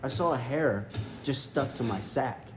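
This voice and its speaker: A man co-hosting a casual podcast, telling stories in an animated way with lots of swearing and "bro". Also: medium pitch, unhurried, faint music behind. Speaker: podcast co-host. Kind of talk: casual chat. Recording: echoey room, faint background noise.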